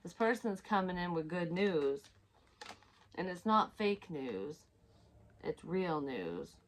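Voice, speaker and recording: A woman's voice: on the low side, unhurried, a little hiss or hum. A woman giving a casual tarot reading, chatty, swearing freely and laughing at herself. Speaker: psychic tarot reader.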